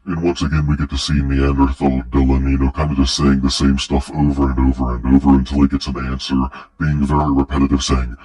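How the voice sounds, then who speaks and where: A man's voice: rumbling low, level tone, quick pace, hardly any pauses, far from the mic, poor audio. A young man doing online commentary, sarcastic and mocking, swearing often as he reads out messages. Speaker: commentary creator.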